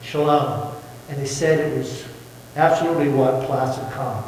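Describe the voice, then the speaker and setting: A man's voice: medium pitch, steady tone, normal speed, darkish tone, a little hiss or hum. A man preaching a sermon as pastor, folksy and quizzing the congregation with questions. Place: church sanctuary. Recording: echoey church hall from far off.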